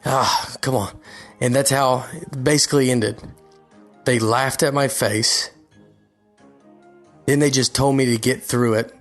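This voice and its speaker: A man's voice: mid-range voice, steady tone, measured pace, pauses often, soft background music. Self-deprecating young man with a comic monologue. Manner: self-deprecating, rambling with restarts. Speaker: comedian recording a guest spot. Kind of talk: casual comedic monologue.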